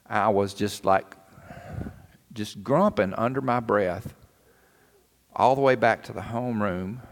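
A man preaching a sermon in a folksy, earnest storytelling way. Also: fairly low pitch. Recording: long hall reverb.

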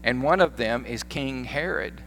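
Folksy Southern pastor preaching in a hall. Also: male voice, medium pitch, measured pace. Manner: folksy storytelling, animated. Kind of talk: sermon. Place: church sanctuary. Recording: echoey church hall with faint hum.

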